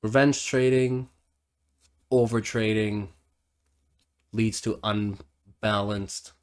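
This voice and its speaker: A man's voice: on the low side, steady tone, extremely slow, smooth. Man casually coaching traders. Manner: conversational, filler "okay?" tags, acts out inner voices, curses. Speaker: trading educator. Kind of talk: casual monologue to camera.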